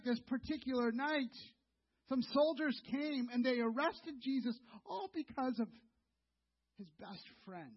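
A man's voice: very high-pitched, slightly rough. A middle-aged male pastor preaching a sermon, telling a story in a conversational way and speaking to the listeners as "you". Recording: dull lo-fi sound.

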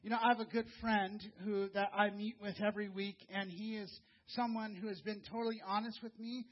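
A man preaching a sermon in a conversational, earnest way, repeating words and dropping soft and low for emphasis. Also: level tone, a little fast, highs cut off. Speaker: pastor.

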